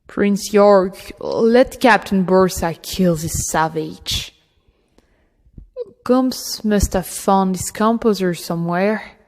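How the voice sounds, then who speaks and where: A woman's voice: mid-range voice, slow, darkish tone. A woman reading an audiobook, voicing an anxious older male priest who speaks in an urgent, pleading way. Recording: reverberant room.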